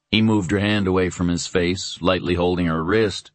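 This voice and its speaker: Male narrator, low and unhurried, lively intonation, dry booth sound. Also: no echo. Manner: measured, expressive storytelling. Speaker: audiobook narrator. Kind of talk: scripted narration.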